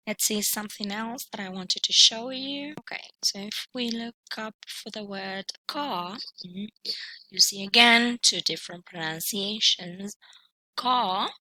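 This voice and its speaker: Slow, careful woman teaching pronunciation. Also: mid-range voice, pushed and bright, no echo, rough recording. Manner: slow, deliberate, checks in with a questioning "mm?" after each point; models words by sounding them out syllable by syllable. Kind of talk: recorded online lesson.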